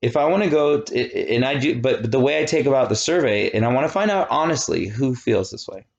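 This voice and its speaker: A man in his thirties giving a casual, animated classroom lecture, often checking that students follow. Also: mid-range voice, fairly quick, vocal fry, highs cut off. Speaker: college lecturer.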